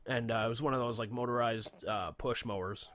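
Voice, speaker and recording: A man's voice: medium pitch, fairly quick, a bit bright, slight background noise. Swearing, rambling man on a radio show. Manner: swears freely, rambling with frequent fillers and throat clearing. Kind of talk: casual storytelling chat.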